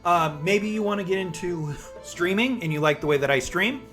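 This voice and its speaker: Bright, high-voiced upbeat male streamer. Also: animated, normal speed, faint music behind. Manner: upbeat, chatty, answers viewers by name. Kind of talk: casual live stream chat.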